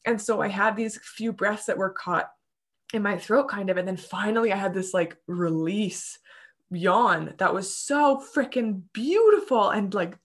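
A woman co-hosting a casual chat about breathwork, telling stories in a gushing, animated way. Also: medium pitch, a little slow.

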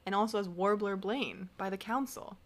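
A young woman co-hosting a casual recap podcast, sarcastic and animated, acting out quoted lines. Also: mid-range voice, normal speed. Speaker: podcast co-host.

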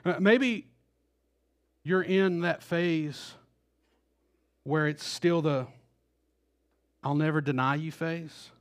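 A man's voice: fairly high pitch, slow pace, pauses often. A male pastor preaching a sermon, acting out the quoted voices with rising intensity.

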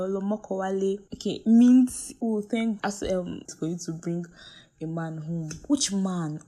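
Young woman, Nigerian accent, mellow tone, playful exasperated vlog rant, jumps between quiet asides and loud outbursts. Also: mid-range voice. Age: young adult. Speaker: vlogger.

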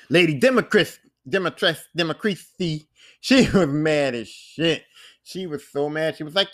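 A man hosting a podcast, recapping a video game in a casual, animated way, full of swearing and sound effects like bang and pop. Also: high voice. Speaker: podcast host.

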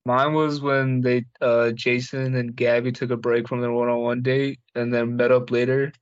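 A man's voice: mid-range voice, little pitch movement, moderate pace, smooth, dry recording. Young man in laid-back slangy banter. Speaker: podcast co-host. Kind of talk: casual chat. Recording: dull lo-fi dry recording.

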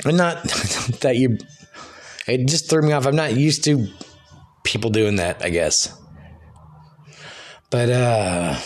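A man hosting a loose solo podcast, talking in a rambling, profane way and laughing between thoughts. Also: mid-range voice. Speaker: podcast host.

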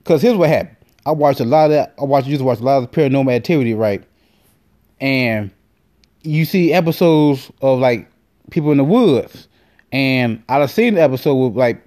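A man hosting a podcast, telling a comic story in an animated, profane way with many fillers. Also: medium pitch. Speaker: podcast host. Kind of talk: comedic storytelling monologue.

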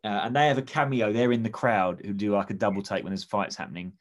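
A man's voice: fairly low pitch, fairly even intonation, fast talker. A man chatting casually, rambling enthusiastically with many restarts. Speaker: podcast co-host. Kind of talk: casual comedic chat.

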